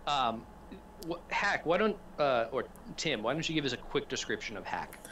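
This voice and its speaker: A man's voice: mid-range voice, sing-song, normal speed, sharp tone. A man narrating as game master of a tabletop role-playing game, with frequent fillers and restarts. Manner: hesitant with many fillers and restarts.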